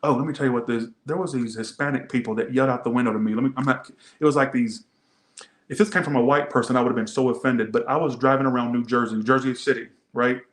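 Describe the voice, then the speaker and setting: A man's voice: mid-range voice, fairly even intonation, fast, roomy sound. A man doing a casual tarot reading, rambling and swearing, often repeating himself. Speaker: tarot reader.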